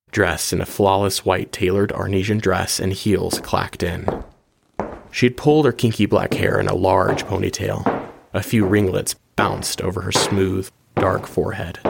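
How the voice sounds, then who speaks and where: Deep gravelly man narrating sci-fi. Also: noisy background. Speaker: podcast host and narrator. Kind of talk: first-person sci-fi story narration.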